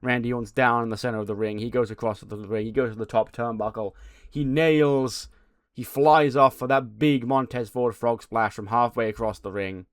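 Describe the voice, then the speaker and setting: Man, game playthrough narrator, casual, swearing, middle pitch, dry close sound. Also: fairly even intonation, normal speed, dry recording. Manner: casual and swearing, recapping events. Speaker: game channel host.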